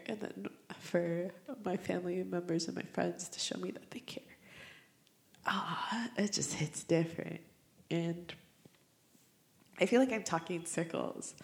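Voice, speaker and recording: A woman's voice: on the low side, gravelly. A young adult woman hosting her own podcast, talking alone in a heartfelt, reflective and rambling way. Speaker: podcast host. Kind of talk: casual solo podcast monologue.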